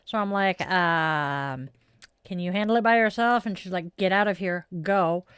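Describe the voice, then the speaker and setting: A woman's voice: on the low side, normal speed, fairly bright tone, clean tone, no echo, clean studio sound. A woman chatting casually with viewers on a stream, rambling and self-deprecating with frequent sighs. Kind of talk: casual live-stream chat.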